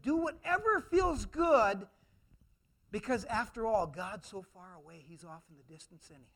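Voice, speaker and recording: A high-voiced man delivers a sermon with forceful emphasis. He swings between loud declarations and hushed, confiding asides, and mimics other people in mocking quoted voices. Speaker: preacher.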